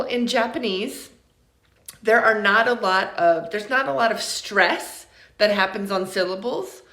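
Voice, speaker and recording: A woman teaches pronunciation slowly and deliberately, saying each example word carefully and then again. Her voice sits a little high. The room around her gives an echoey ring. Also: sharp tone. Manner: slow, deliberate, repeats model words for learners. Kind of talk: recorded online lesson.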